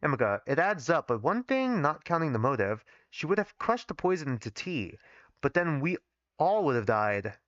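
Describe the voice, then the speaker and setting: A man on a live stream reading his old fan fiction aloud, pausing to criticize his own writing and swearing casually. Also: on the high side, sing-song, a bit bright, no room sound, highs cut off. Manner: self-critical, swears casually, reads every part himself.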